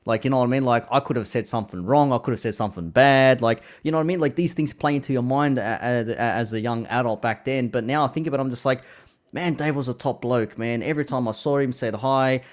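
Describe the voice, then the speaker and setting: A man's voice: medium pitch, quick pace, hardly any pauses. An Australian man in his thirties hosting a podcast, asking questions and sharing memories in a loose, laid-back way. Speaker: podcast host. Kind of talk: casual interview chat.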